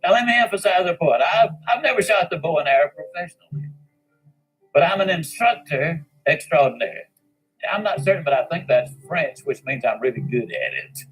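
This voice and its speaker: A man's voice: fairly high pitch, animated, soft background music, poor audio. Folksy, boastful male motivational speaker. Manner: dramatic pauses, boastful humor. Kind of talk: folksy storytelling speech.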